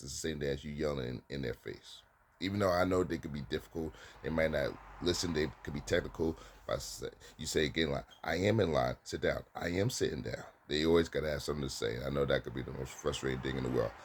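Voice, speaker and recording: A man with an extremely deep voice hands out practical classroom advice in a relaxed, plain-spoken way. He circles back to his points and repeats them, and sometimes drops into firm, no-nonsense commands. Faint background noise sits under the recording. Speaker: teacher giving classroom advice.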